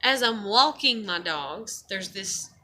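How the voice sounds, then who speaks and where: A woman's voice: mid-range voice, animated, slow, bright, forceful tone, slight background noise. A woman vlogger talking in a profane, meandering monologue with frequent laughs and sighs. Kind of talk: casual rambling monologue.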